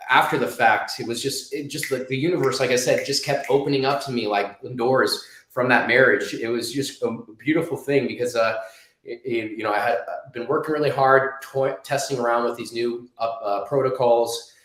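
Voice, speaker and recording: A man's voice: medium pitch, normal speed, fairly bright tone, roomy sound, low-quality recording. A man in his thirties telling a personal story as an interview guest, rambling with many restarts and fillers.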